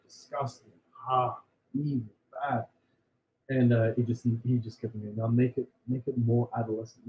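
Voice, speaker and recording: Lower-voiced guy telling stories in an interview, swears a lot, kinda muffled lo-fi audio. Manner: candid, animated storytelling, frequent swearing and fillers. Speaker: creature concept artist, guest. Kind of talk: casual interview chat. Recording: dull lo-fi audio with faint noise.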